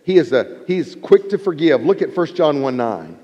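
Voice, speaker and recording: A man preaches with an emphatic, animated delivery, his fairly high voice rising and falling widely. Reverb trails each phrase as it rings through a large hall. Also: moderate pace, slightly rough, lo-fi sound. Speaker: pastor. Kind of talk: sermon.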